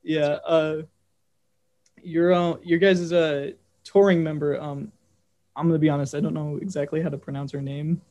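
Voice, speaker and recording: A man's voice: fairly high pitch, flat delivery, moderate pace, a little mellow. Rambling young male podcast host. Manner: rambling, many fillers. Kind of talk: casual interview chat.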